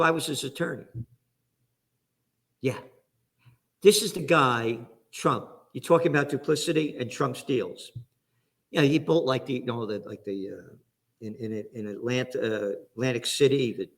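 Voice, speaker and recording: A man's voice: mid-range voice, fairly bright tone. A man from the Bronx with a New York accent, a guest giving fired-up, angry political commentary.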